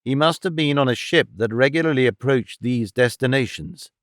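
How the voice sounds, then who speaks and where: A man narrating an audiobook in a measured, even storytelling manner, recorded on a studio microphone. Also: mid-range voice, no echo. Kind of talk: scripted narration.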